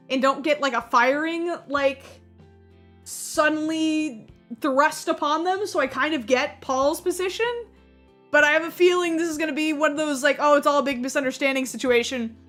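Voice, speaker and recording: A woman's voice: high voice, fairly bright tone. A young woman gaming YouTuber giving casual, rambling commentary that is full of fillers.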